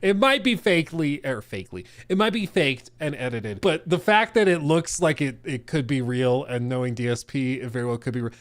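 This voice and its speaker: A man's voice: medium pitch, a little fast, hardly any pauses. A man streaming live, reacting to clips with incredulous, laughing, casual commentary. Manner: animated and incredulous, laughs often, says "dude".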